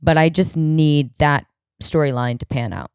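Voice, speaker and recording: Gravelly-voiced woman telling a wild story. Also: sits low, moderate pace, no room sound, studio quality. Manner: animated, acts out quotes, swears a lot. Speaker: podcast host. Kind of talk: comedic storytelling.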